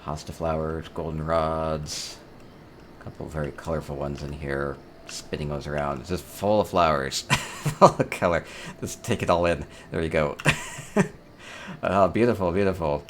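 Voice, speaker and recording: A man's voice: extremely low pitch, normal speed, slight background noise. A man hosting a casual tour of player homes in a game, chatting upbeat and thinking aloud with small chuckles. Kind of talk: casual gameplay commentary.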